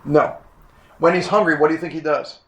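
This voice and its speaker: A man's voice: fairly high pitch, fairly even intonation, fairly quick, lo-fi sound. Emphatic older man lecturing in echoey room. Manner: emphatic, repeats points, clears throat often. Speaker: chiropractic instructor. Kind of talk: classroom lecture. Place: classroom.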